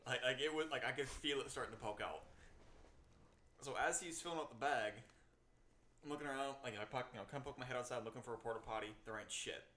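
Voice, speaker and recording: A man's voice: medium pitch, fast, sharp tone, slight background noise. A young man chatting casually on a podcast, profane and full of "like" fillers. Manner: profane, hedging with lots of "like". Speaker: podcast co-host. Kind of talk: casual chat.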